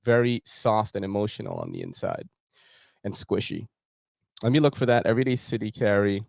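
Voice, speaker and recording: A man's voice: lowish voice, sing-song, brisk, vocal fry, a little mellow, dry recording, clean studio sound. A young man hosting a casual gear show, chatting in laid-back slang while browsing a website and laughing often.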